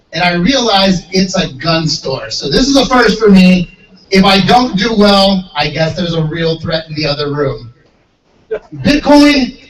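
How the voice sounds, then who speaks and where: A man performing a stand-up comedy set, telling stories and jumping into high voices for the people he quotes. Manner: animated storyteller, jumps into high voices for quoted characters. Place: gun store event space. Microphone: handheld microphone. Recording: echoey room, mic heard from a distance, faint hiss.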